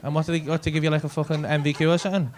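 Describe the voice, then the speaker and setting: A man's voice: a little high, flat delivery, rapid-fire. A male stand-up comedian with a Liverpool accent doing brash, sweary, teasing crowd work on a comedy club stage. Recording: live club audio with crowd laughter noise.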